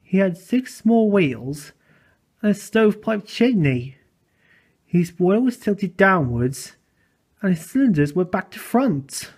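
A man's voice: high voice, slightly rough. A man narrating a children's storybook expressively. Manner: expressive, unhurried. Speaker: audiobook narrator. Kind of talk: storybook reading.

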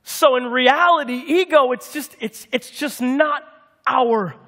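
Male pastor, high voice, playful sermon with call-and-response, long hall reverb. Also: takes it slowly. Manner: lively, humorous, calls out to the congregation for answers.

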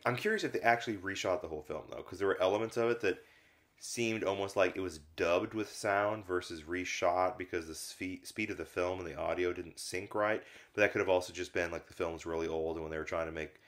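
A man with a low voice talks through an old film in loose, casual chat. He wanders with fillers and restarts, and slips into quick voiced-out bits of dialogue when he retells scenes. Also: steady tone, a bit bright. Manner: rambling, many fillers, acts out lines from scenes. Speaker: film review podcast co-host. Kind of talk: casual conversational film discussion.

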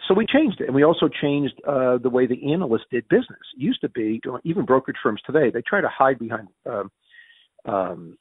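A man with a Northern US accent, telling business stories as an interview guest, acting out the dialogue he recalls with quick restarts. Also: medium pitch, slightly rough, dry recording, narrow, tinny audio. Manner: lively storyteller who acts out quoted dialogue with restarts. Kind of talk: animated business storytelling.

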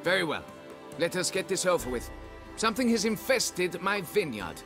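A man's voice: high-pitched, big pitch swings, moderate pace. A pompous haughty nobleman. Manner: pompous, demanding deference. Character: pompous haughty male nobleman, vineyard owner. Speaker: nobleman hiring a witcher. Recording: game audio with music underneath.

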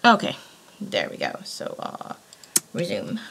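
A woman hosting a casual let's play, talking to herself with frequent excited exclamations. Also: rumbling low, slow, very noisy. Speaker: gaming channel host.

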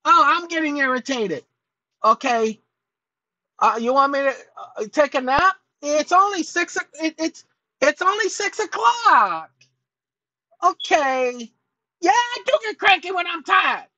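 A man voicing his own cranky, childish male alter ego, excitable and stammering as he argues with an unseen helper. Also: very high-pitched, measured pace, no echo, muffled recording, voice pushed up, full character voice. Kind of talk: comic put-on voice on a video channel.

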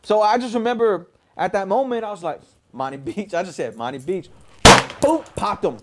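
A man tells his own story in a loose, conversational way, swearing freely and often asking "you know what I mean?" His speaking voice sits a little high for a man. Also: animated, fairly quick, very noisy. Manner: laid-back, profane, fills with "you know what I mean". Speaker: storyteller recounting his past. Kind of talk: casual spoken storytelling.

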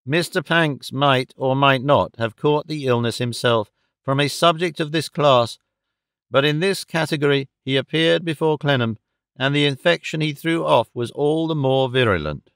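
A male audiobook narrator reading a classic novel in a steady, measured way. His voice is smooth and resonant, recorded close and completely dry, at a mid pitch for a man. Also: no room sound.

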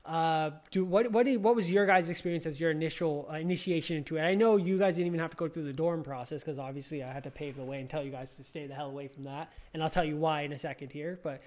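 A man's voice: a little high, steady tone, quick pace, few pauses, darkish tone. A young man casually recounting a story, rambling with lots of fillers and restarts. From California. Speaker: podcast host.

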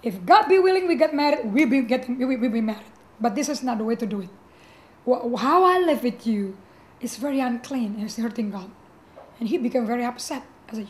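A woman's voice: on the high side, lively intonation, a little fast. A middle-aged woman, a pastor whose first language is Indonesian, telling her personal testimony in English with emotion, repeating herself and filling with "you know" and "like.". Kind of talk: personal testimony, earnest storytelling.

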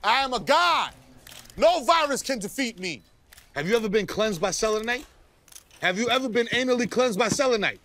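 A man doing a smug conspiracy-theorist ballplayer. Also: natural voice. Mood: ranting. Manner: mock-lofty, deliberately lowering his voice to sound smart. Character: smug, conspiracy-minded male pro basketball star. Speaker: comedy show host. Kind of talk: comedy sketch impression.

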